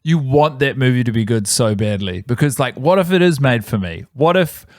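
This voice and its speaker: A man's voice: medium pitch, normal speed, no echo, clean studio sound. A man co-hosting a podcast, chatting casually and rambling, often correcting himself mid-sentence. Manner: rambling, self-correcting, animated storytelling. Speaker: podcast co-host. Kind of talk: casual chat.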